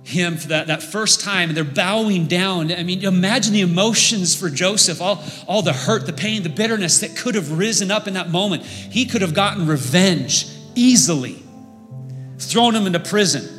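A man preaching a sermon as pastor, impassioned, building to loud emphatic peaks. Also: sits high, moderate pace. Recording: long reverb with faint music.

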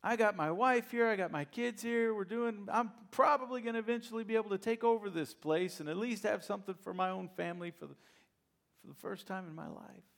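A man's voice: high-pitched, a little fast, vocal fry, fairly bright tone, pitched above the performer's own voice. A man voicing a whiny adult man who pleads and stammers through excuses. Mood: pleading. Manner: stammering, whining.

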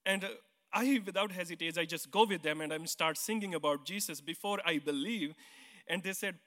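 A man with an Indian accent tells his story of faith in simple, earnest English, sometimes stumbling and restarting. His voice is a little high and bright with a forceful edge. It rings through the long reverb of a church hall. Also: normal speed. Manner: simple, earnest, non-native grammar, some hesitant restarts. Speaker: church member giving testimony. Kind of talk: personal testimony on stage. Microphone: handheld mic.

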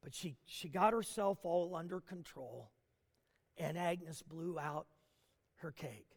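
A man telling a story in a sermon, animated, with frequent restarts and fillers. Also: on the high side, slow pace. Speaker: preacher. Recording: long hall reverb.

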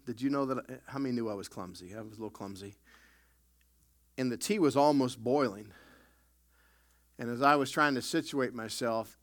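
A male pastor with a mid-range voice preaches a sermon emphatically, breaking into sudden loud bursts and folksy storytelling asides.

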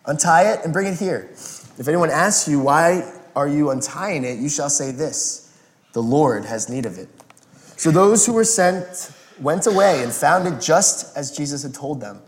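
A man preaching a sermon as a pastor, telling the story in a relaxed, conversational way and acting out the quotes. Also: on the high side, moderate pace. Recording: echoey room.

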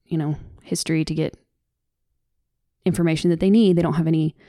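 A woman's voice: sits low, fairly even intonation, brisk, dry recording, studio quality. A woman with a Southern American accent co-hosting a podcast, talking earnestly and off the cuff. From Southern United States. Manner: earnest, loose and off the cuff, soft laughs. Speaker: podcast co-host. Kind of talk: casual podcast discussion. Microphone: studio microphone.

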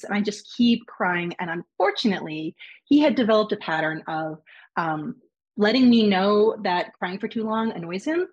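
A woman's voice: medium pitch, lively intonation, normal speed. A woman telling a personal story in casual podcast chat, candid and swearing freely, acting out what others said. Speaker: podcast guest.

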